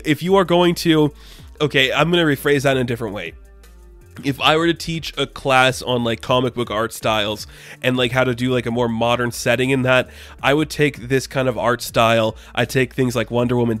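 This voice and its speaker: Eager comic reviewer, male, mid-pitched voice, dry close sound, faint music underneath. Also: a bit bright, dry recording. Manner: enthusiastic, rambling, frequent "like" fillers. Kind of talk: casual review chat.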